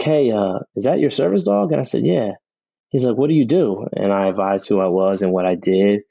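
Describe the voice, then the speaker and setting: Middle-aged man, podcast guest, earnest storyteller, low and warm, dull lo-fi sound. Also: no echo. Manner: earnest, repeats words when starting sentences. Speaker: podcast guest, Army veteran. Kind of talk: conversational interview storytelling.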